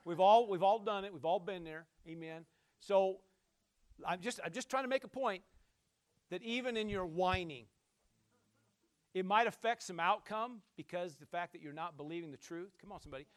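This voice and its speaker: High-pitched guy preaching, folksy, calls out to the crowd, shouts then drops quiet. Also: normal speed. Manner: emphatic call-and-response preaching, shouting at peaks, then dropping low; folksy and conversational. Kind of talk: sermon.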